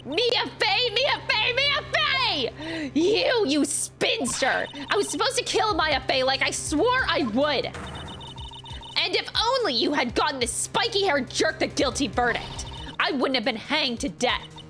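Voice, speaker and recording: A woman's voice: sits high, animated, normal speed, sharp tone, pitched above the performer's own voice. A woman voicing a spiteful, vengeful young woman spirit who shrieks venomous accusations. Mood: furious. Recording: game music behind.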